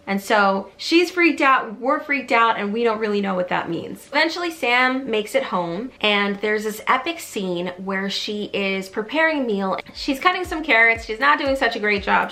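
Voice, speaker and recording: Bright, animated woman telling a story. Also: moderate pace, few pauses, soft background music. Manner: animated, acts out quotes with shifting pitch. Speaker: YouTuber retelling a movie. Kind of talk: casual storytime recap.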